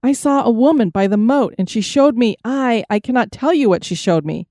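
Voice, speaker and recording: Kind, pleading man, read by a female narrator; higher, earnest lines in a ghost tale. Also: lively intonation, normal speed, mellow, no room sound, clean studio sound. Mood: terrified. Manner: pleading, raised pitch.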